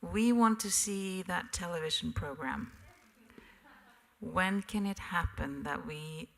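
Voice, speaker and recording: Woman asking a question from the audience, earnest, low voice, bright edge. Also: slow, vocal fry. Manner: earnest and complimentary. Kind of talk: audience question at a live talk. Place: theater audience seating.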